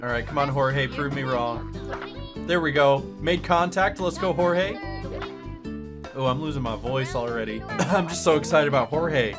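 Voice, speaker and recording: A woman commenting on gameplay and narrating a video, excitable and joking, shouting when surprised. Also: rumbling low, normal speed, music in the background. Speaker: video essayist and gamer.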